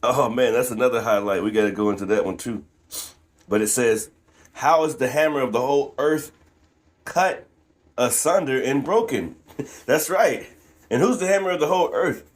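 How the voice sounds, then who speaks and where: A man's voice: mid-range voice, normal speed, long pauses. A man reading scripture aloud and commenting on it with rising fervor, laughing often and ending lines with "man". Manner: preachy, laughs often, repeats "man" at line ends.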